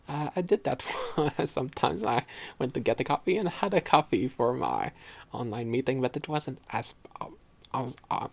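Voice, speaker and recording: Young man, husky voice, casual solo podcast chat, rambling, self-correcting. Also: medium pitch. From Quebec, Canada. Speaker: podcast host and student.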